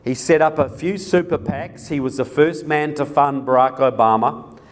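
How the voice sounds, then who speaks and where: A man's voice: fairly high pitch, moderate pace. A man giving a live presentation to an audience, speaking emphatically, repeating key words for effect and putting questions to the crowd. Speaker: political speaker.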